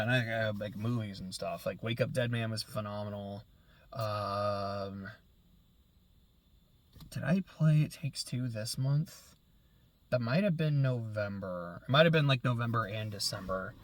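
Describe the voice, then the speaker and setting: A young man chatting casually on his own show, rambling and correcting himself often, his voice trailing off quietly at the ends of thoughts. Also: medium pitch, no echo. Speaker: podcast host. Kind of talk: casual solo chat.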